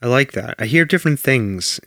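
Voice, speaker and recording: A man co-hosting a podcast, easygoing and teasing as he chats. his voice sits at a middle pitch but moves up and down a lot. the sound is close and dry. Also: lively intonation, a little fast, fairly bright tone, dry recording. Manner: easygoing and teasing, talks while fiddling with playback. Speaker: podcast co-host. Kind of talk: casual chat.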